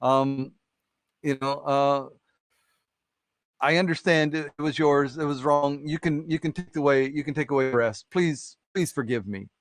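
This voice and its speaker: A man's voice: on the high side, measured pace, no room sound, close to an everyday voice. A man doing a frightened, pleading mother mouse. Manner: pleading, repeating herself.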